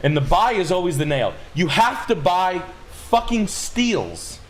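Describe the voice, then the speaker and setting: A man hosting a livestream, ranting loudly and emphatically with lots of swearing. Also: high voice, very animated, measured pace. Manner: loud, swearing, emphatic, rambling. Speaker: streamer host. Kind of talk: profane livestream rant.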